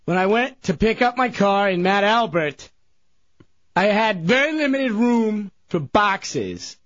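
A man with a husky voice, loudly and theatrically complaining in casual radio banter. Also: sits high, animated, slow pace. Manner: whiny, loud, exaggerated complaining. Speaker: radio show regular. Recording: dull lo-fi radio sound.

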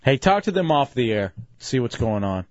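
A man's voice: medium pitch, big pitch swings, normal speed, no echo, dull audio. A male radio host bossing around and mocking a caller during on-air banter. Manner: mocking, bossy.

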